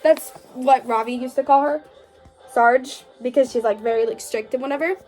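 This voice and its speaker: A young woman with a high voice talks through a book recap for her vlog. She is chatty and gushing, with lots of "like" fillers and playful, dramatic mock outrage. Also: moderate pace, darkish tone, faint music behind. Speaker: book vlogger.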